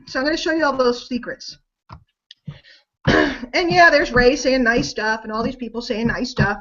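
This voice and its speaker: A middle-aged woman with a high voice hosts a casual sales webinar. She chats and rambles, making fun of herself as she goes. The sound is slightly dull and lo-fi, as if it comes through a webcam. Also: a bit bright. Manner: chatty, rambling and self-deprecating. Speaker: webinar host.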